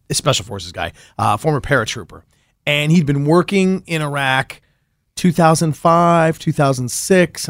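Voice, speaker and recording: A man's voice: fairly high pitch, a bit bright, dry recording, studio quality. A man who hosts a podcast, chatting as a guest on a radio show and telling a story with enthusiasm. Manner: enthusiastic storyteller, laughs often. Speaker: podcast host and reporter. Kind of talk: casual radio interview chat.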